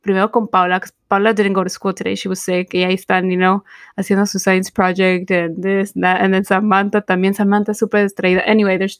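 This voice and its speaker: A woman's voice: medium pitch, no room sound, clean studio sound. Chatty woman podcaster mixing in Spanish. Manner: chatty storytelling, switching into Spanish. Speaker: podcast co-host. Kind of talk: casual chat.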